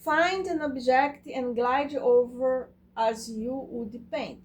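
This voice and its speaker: A woman teaching eye exercises in a casual way, halting and searching for words, speaking English as a non-native with Portuguese as her first language. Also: high voice, steady tone. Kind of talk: casual instructional talk.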